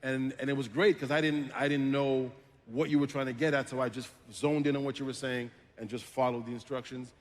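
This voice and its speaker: A man's voice: medium pitch, steady tone, brisk. A man whose first language is French, a voice actor telling stories on a panel and laughing often. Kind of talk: panel conversation. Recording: echoey hall.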